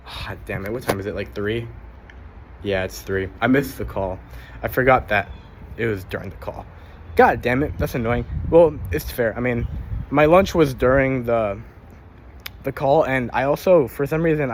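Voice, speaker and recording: A man's voice: medium pitch, slight background noise. A young man vlogging casually about his day, rambling and swearing, tired and a little out of breath while walking. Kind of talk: casual daily vlog.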